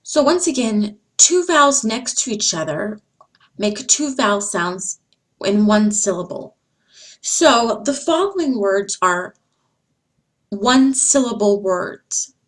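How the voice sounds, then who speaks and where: A woman giving a slide-based phonics lesson, speaking deliberately and repeating each example sound. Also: medium pitch, sing-song. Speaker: English teacher.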